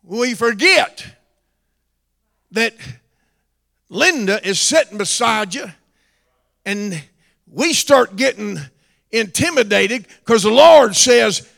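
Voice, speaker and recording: Pastor guy preaching slow, shouting then going quiet, big echoey church. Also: very high voice, expressive, creaky. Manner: preaching with swings from shouting to hushed storytelling. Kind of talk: sermon. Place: church sanctuary. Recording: long reverb of a church hall.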